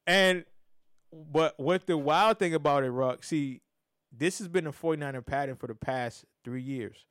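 A man hosting a casual sports podcast has a voice slightly higher-pitched than most men's, smooth and at a moderate pace. He speaks in animated bursts that swing between loud and soft, restarting sentences along the way. The sound is dry with no room echo.

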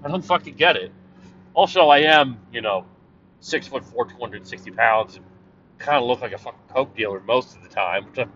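Loud, lively Canadian man ranting in a car. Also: medium pitch. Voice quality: loud, profane, rambling. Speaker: vlogger. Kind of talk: rambling casual monologue. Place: driving in a car. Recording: dull lo-fi sound, car noise.

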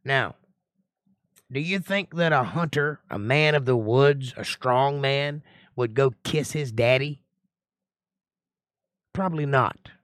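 Here a man hosts a livestream Bible study, speaking slowly with frequent pauses in a slightly bright voice over faint background noise. Between passages read aloud he tosses in lighthearted, joking commentary. The figures in the text get a whiny, upward-climbing voice.

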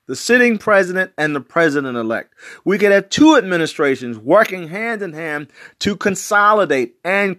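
A man's voice: high-pitched, fairly bright tone, dry recording, clean studio sound. A man in his sixties from West Baltimore, delivering an emphatic political commentary monologue with repetitive, slangy phrasing. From West Baltimore, USA. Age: 60s.

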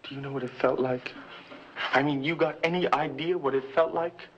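A man's voice: on the high side, steady tone, normal speed, highs cut off, slight background noise, close to an everyday voice. A young actor playing a hurt, idealistic teenage boy in a 1960s film drama, pleading and anguished. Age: young adult. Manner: pleading and anguished, words tumbling out.

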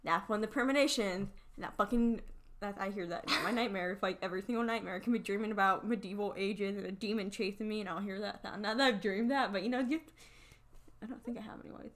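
A woman's voice: medium pitch, fast, a bit bright. A woman co-hosting a casual true-crime podcast, joking and swearing freely. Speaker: podcast co-host.

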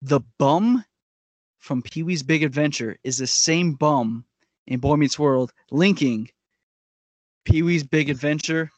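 Jokey podcast host, slightly high voice. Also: male voice, takes it slowly, no room sound. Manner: jokey, does goofy voices and mock ads. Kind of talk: casual chat.

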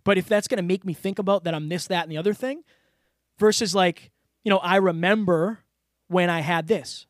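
A man's voice: high-pitched, fairly quick, dry recording, studio quality. A man talking openly and earnestly as a podcast guest, with lots of "like" and "you know" fillers. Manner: earnest, open, filler-heavy. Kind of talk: casual interview talk.

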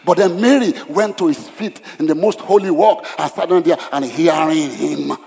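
Male pastor mid-sermon, emphatic with hushed drops, slightly high voice, echoing church hall. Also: normal speed, vocal fry, slight background noise. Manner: emphatic, swings between loud and hushed. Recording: long hall reverb.

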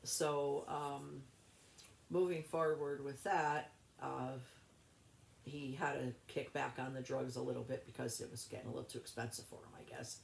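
Interview guest: woman, gravelly low voice, rambling and halting, echoey room. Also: steady tone, a little hiss or hum. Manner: rambling, halting, with many restarts. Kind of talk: personal storytelling in an interview.

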